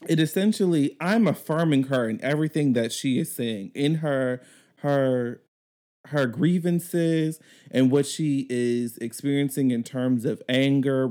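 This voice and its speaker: A man hosting a casual chat, telling a work story in an animated way, laughing often and acting out the people he quotes. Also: mid-range voice, unhurried. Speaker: podcast host.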